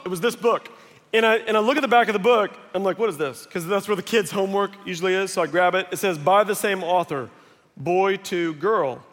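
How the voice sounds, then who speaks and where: A male pastor preaching a sermon, telling stories with lively acted quotes. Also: high-pitched. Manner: animated storytelling with acted quotes. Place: large church hall. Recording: long hall reverb.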